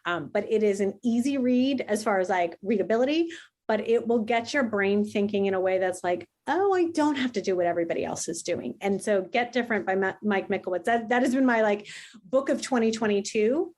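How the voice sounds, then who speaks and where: Lively woman from New Jersey, chatting. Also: medium pitch. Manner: animated, enthusiastic, speeds up and slows down. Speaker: guest, video coach. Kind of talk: casual interview chat.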